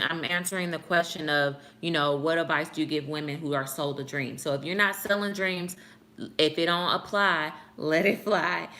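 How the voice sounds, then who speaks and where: A woman's voice: on the low side, sharp tone. A young woman vlogger chatting earnestly with her viewers at home, answering comments with a preachy edge. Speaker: YouTube vlogger. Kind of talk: casual chat answering comments. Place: apartment at home.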